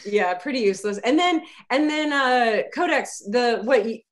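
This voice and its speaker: A woman game master narrating a tabletop game. Her voice sits a little high. She talks loosely, hesitates often and breaks into laughs as she goes. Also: expressive, normal speed.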